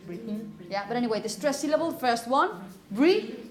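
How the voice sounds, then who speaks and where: A woman teaching a pronunciation class, calling on students and asking "okay?" often, and repeating words slowly. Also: on the high side, animated, fairly bright tone. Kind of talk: classroom phonetics lesson.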